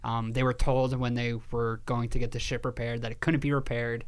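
Excitable man retelling a story. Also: mid-range voice, brisk, clear, resonant tone. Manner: emphatic, excitable storytelling with swearing; repeats words and restarts sentences. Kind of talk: casual chat.

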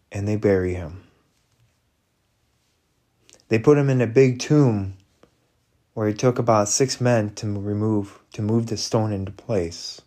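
Slow, low-voiced man preaching. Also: a little mellow. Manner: slow, halting, reflective, with many restarts. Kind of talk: devotional retelling and prayer.

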